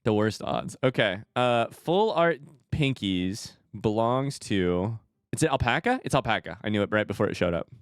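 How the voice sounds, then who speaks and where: A young adult man hosting a casual live stream, talking to chat and swinging from hushed remarks to loud excited outbursts. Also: lowish voice, normal speed, smooth, no room sound, studio quality. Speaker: streamer host.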